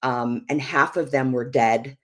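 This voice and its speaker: A woman's voice: very deep voice, fairly even intonation, a little slow. A woman speaking at a Christian ministry about marriage, telling a personal story in a chatty, candid way with lots of "like" and "you know". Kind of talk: personal storytelling on a live show.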